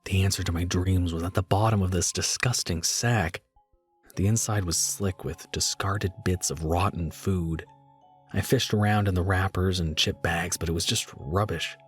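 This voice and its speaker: A man reading a horror story aloud in a measured way, slowing down for dread. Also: deep voice, fairly even intonation, breathy edge, soft background music. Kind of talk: scripted horror narration.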